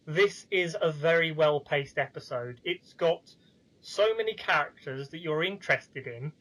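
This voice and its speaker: A man's voice: a little high, a little slow, a bit bright, poor audio. A man co-hosting a review podcast, recapping the plot with enthusiasm in casual chat. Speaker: podcast co-host.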